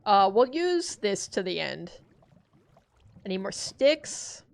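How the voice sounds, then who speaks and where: A woman in her twenties giving casual gameplay commentary, animated and self-deprecating, cursing as she rants. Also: medium pitch, takes it slowly, creaky, clean tone. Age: 20s. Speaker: gaming streamer.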